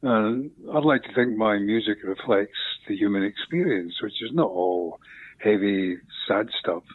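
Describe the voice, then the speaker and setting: An older man with a Scottish accent, his voice low and husky, speaking slowly and thoughtfully. He pauses often, restarts his sentences and fills gaps with ums. The recording is close and dry, with no room sound. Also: lively intonation, no echo, phone-quality sound. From Scotland. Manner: reflective, unhurried, many ums and restarts. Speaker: guest songwriter. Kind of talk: radio interview.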